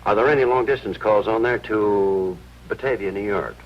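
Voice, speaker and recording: An actor playing an earnest, persistent hospital chaplain in an old radio drama. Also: male voice, on the low side, moderate pace, a little hiss or hum, lightly acted. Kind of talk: 1950s radio drama acting. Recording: dull lo-fi old radio recording.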